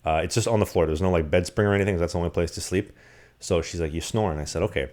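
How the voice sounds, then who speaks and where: A man co-hosting a podcast, telling rambling, animated stories in casual chat. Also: low voice, rapid-fire. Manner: animated, rambling anecdotes with acted-out quotes. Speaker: podcast co-host. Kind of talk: casual storytelling.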